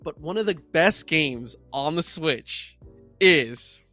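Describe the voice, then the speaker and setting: 激动讲故事的男播客主持. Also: male voice, fairly high pitch, slow pace, soft background music. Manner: animated storyteller, gets loud when excited. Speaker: podcast co-host. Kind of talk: excited casual gaming chat.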